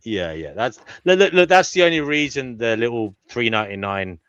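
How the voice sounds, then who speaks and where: A man's voice: medium pitch, lively intonation, normal speed, fairly bright tone, clean tone, dry recording. A man hosting a casual live discussion, talking bluntly with lots of restarts and teasing. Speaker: host. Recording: muffled lo-fi mic, dry.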